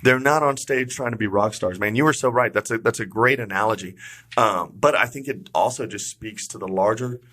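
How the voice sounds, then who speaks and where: Male podcast co-host from Texas, low-pitched but bright-toned, pep-talk delivery. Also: brisk. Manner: upbeat, salesy, motivational. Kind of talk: casual podcast chat.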